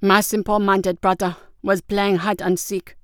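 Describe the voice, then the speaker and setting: A woman gives voice to a shrewd young man who keeps his tone low and controlled. His lines come out clipped and even, in a smooth voice. The recording is close and dry. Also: a little slow, no echo, close to an everyday voice. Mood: placating. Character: shrewd, cool-headed young man, stern big brother. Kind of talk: audiobook character voice.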